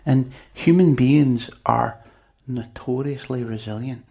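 A man's voice: mid-range voice, steady tone, a little slow, gravelly, darkish tone, husky. A man preaching a sermon in a chatty, conversational way, with asides to the congregation.

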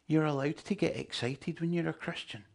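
Gravelly male preacher. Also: a little high, moderate pace. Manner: emphatic, humorous asides to the congregation. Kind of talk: sermon.

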